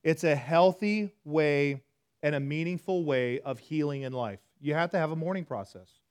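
A man preaching a sermon in a church, talking to the congregation conversationally, self-deprecating, swinging from hushed to loud. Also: on the high side, normal speed, smooth. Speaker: pastor.

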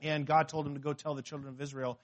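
A fast-talking pastor with a slightly high voice, from the western US, delivers a spirited, conversational sermon. He voices the quotes theatrically and frequently restarts what he's saying.

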